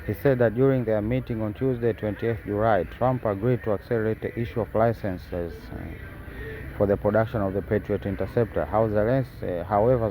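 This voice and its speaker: A man reads news reports in a dark, mellow voice and keeps cutting in with sarcastic asides and tag questions. He stumbles and restarts often, and a faint hum of traffic sits behind him. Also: fairly low pitch, low-quality recording. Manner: halting, with many fillers and restarts. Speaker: news commentator. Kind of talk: reading news and commenting.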